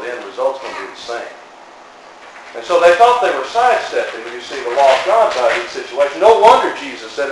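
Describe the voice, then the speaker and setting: A man preaching a sermon in an earnest, emphatic way, his voice rising on pointed questions. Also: a little high. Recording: echoey hall, distant mic, faint noise.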